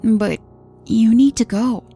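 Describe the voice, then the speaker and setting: A woman's voice: on the high side, fairly even intonation, takes it slowly, vocal fry, slightly rough, faint music behind, voice pushed up, full character voice. A woman voicing a tearful grown daughter. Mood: gently pleading. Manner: pleading, soft and tearful. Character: grieving grown daughter, tearful but gentle.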